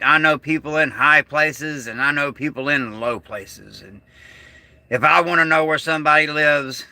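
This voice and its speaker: Upset and trying to keep his anger in check, a middle-aged American man gives an emotional vlog monologue, speaking slowly, haltingly and agitatedly, with frequent pauses and sentences that trail off. His mid-range voice sounds bright and sharp, and the recording is dry without room echo.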